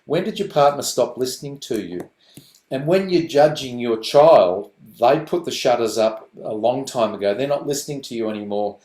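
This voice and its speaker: A man gives an animated talk to parents on a video call, with a voice of middle pitch. He slips into quick put-on voices to act out little scenes. The sound has the ring of an echoey room. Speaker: parenting workshop presenter.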